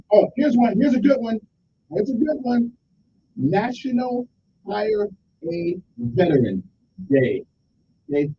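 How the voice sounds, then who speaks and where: Male talk radio host, high and lively voice, rambling jokey monologue, faint rumble behind. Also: gravelly, lo-fi sound. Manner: joking, rambling, animated delivery. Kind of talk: casual call-in radio monologue.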